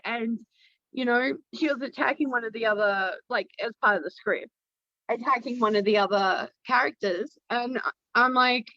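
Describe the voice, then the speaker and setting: A woman's voice: fairly high pitch, moderate pace, a bit bright, no room sound, dull audio. A woman with an Australian accent, a guest actress and producer telling stories in casual podcast chat. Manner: chatty storyteller, uses casual slang.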